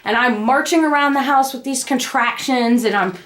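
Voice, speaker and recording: A young woman casually telling her family the story of a birth, acting out the quoted lines. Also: normal speed. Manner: animated, acts out the quoted lines in a high voice. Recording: echoey room.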